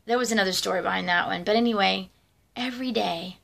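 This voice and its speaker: Chatting through personal stories, a middle-aged woman vlogs in a loose, rambling style full of asides and filler words. She speaks at a moderate pace in a mid-range, slightly bright voice with some vocal fry.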